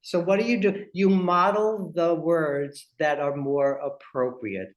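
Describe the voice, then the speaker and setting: A man who works as a family advocate, presenting a webinar and telling stories in a lively way while speaking straight to his audience. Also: on the high side, unhurried.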